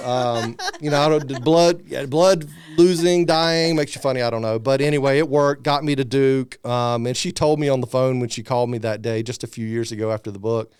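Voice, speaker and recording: The speaker is a thirtysomething man sharing a personal anecdote as a podcast guest, animated and casual, voicing the characters he quotes. His medium-pitched voice is clear and resonant, captured in a dry recording with clean studio sound.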